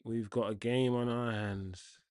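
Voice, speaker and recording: A man's voice: medium pitch, steady tone, unhurried, darkish tone. A man hosting a football watchalong, reacting live with indignant, casual slang.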